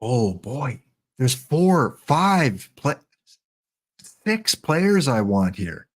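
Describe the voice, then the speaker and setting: A middle-aged man giving chatty, joking live-stream commentary while playing a baseball sim, excited and wired on coffee. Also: mid-range voice, drawn-out words. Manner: chatty, joking, talks to chat bots.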